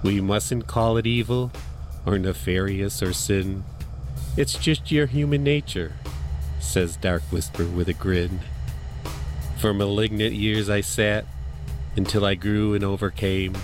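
Low-voiced man reciting a dark poem. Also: measured pace, faint music behind. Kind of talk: reflective talk and poem recitation.

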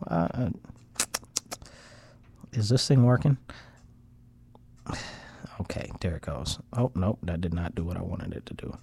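A man's voice: low voice, animated, measured pace, vocal fry, pauses often, dark tone, slightly rough. An American man hosting a casual livestream, rambling and frustrated, his voice swinging up into heated outbursts. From United States. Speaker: livestream host. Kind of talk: casual political livestream rant.

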